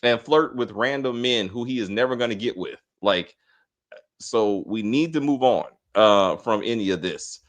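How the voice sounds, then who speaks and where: A man's voice: lowish voice, moderate pace. A man hosting a casual spoiler review of a TV episode, blunt and profane, often laughing. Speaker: host of a TV episode review channel.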